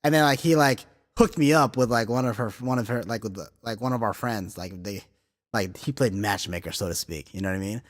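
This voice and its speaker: A man in his thirties hosts a podcast, his lowish voice moving a little fast and sounding like it fills a big room. He tells loose, profane stories packed with filler words, animated and laughing his way through them in a casual storytelling chat.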